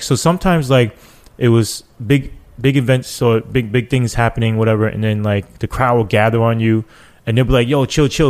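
A man who was a police officer, telling stories casually in an interview and acting out the people he quotes. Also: medium pitch. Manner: animated, acts out quoted people with loose slang.

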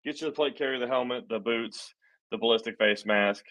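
A man's voice: medium pitch, fairly quick, fairly bright tone. A man hosting a casual podcast in loose, rambling talk. He swears freely, trips over his words and laughs at his own mistakes. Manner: rambling, swears, self-mocking with restarts. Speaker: podcast host.

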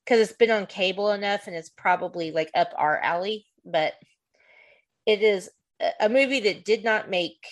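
Woman, podcast co-host, casual chat, rambling, filler-heavy, mid-pitched voice. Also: normal speed. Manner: chatty, rambling with many fillers.

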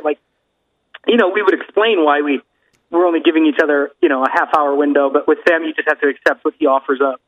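A man co-hosting a casual podcast from a remote line, rambling with enthusiasm. His voice sits high for a man. The sound is dull and lo-fi but dry, with no room echo. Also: steady tone, fast. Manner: enthusiastic, rambling, says dude a lot. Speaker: podcast co-host. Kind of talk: casual chat.

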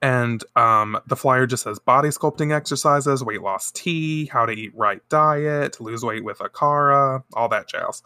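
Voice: mid-range voice, measured pace, few pauses, sharp tone, smooth, dry recording. A podcast host recapping a comic in a casual, playful, irreverent way, laughing and swearing.

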